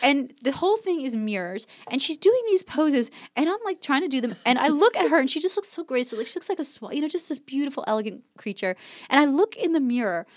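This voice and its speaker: Fast-talking animated woman, high voice. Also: no echo, clean studio sound. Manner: animated storyteller, acts out quotes, laughs often. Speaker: podcast guest. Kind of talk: casual chat.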